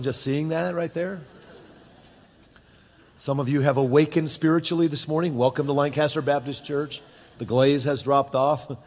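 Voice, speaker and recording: Man preaching in an echoey church. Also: on the high side. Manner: preaching with quoted voices and asides to the congregation. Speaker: pastor. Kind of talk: sermon.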